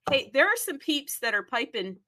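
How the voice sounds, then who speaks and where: A woman's voice: sits high, big pitch swings, normal speed, sharp tone. A woman hosting a casual crypto livestream, bubbly and exclamatory, with playful asides. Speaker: livestream host.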